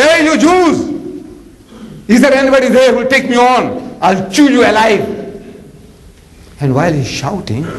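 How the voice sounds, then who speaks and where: A man giving a lively storytelling lecture as an Islamic preacher, chatty with many asides. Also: a little high, poor audio. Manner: animated, conversational, with frequent "you know" asides and acted voices.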